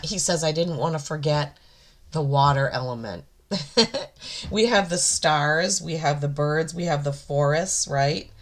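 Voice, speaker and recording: A woman energy healer giving an oracle card reading, reverent and gushing, emotional and near tears. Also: low-pitched. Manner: slow, reverent and gushing, often moved.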